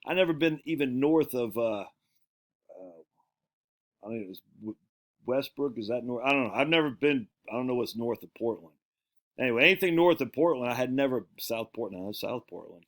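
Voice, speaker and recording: A man's voice: medium pitch, animated, brisk. A man who grew up on an island in Maine, hosting his own show and telling rambling stories in a chatty way, correcting himself as he goes. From Peaks Island, Maine. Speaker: show host. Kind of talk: casual rambling storytelling.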